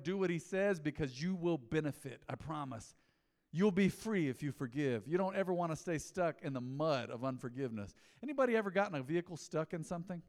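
A middle-aged male pastor preaching a sermon, swinging from soft pleading to loud calls that get the congregation repeating after him. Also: a little high. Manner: animated preaching, rising and falling dynamics, calls to the congregation. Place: large church hall. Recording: long hall reverb.

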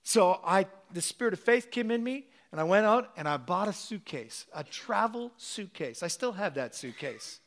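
A middle-aged man preaching a sermon, animated and telling a personal story with acted-out quotes. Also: high-pitched, normal speed, hardly any pauses.

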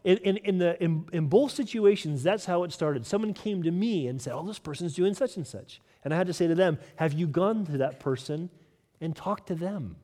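A man's voice: high voice, moderate pace, warm tone, big-room sound. A man preaching a sermon as pastor, emphatic and earnest, often restarting and repeating words as he builds a point.

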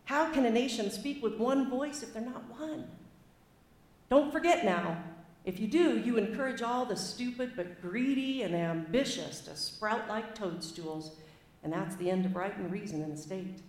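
A woman's voice: on the high side, normal speed, a little mellow, natural voice. A woman reading aloud as an aged male leader, a stern fatherly lawgiver, in a put-on American Southern accent with an emphatic, folksy cadence. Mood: stern counsel. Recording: echoey room.

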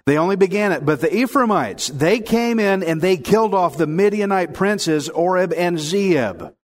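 A man preaching a Bible lesson. His voice sits a bit high for a man. He talks in an earnest, chatty way, with restarts and little acted-out quotes. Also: expressive, normal speed. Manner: drops low and soft in prayer. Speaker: pastor teaching the Bible. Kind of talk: sermon with prayer and Bible reading.

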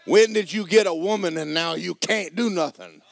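Preacher man, loud then hushed. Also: sits high, normal speed, gravelly. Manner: loud preaching that swings to quiet, joking asides. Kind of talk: sermon.

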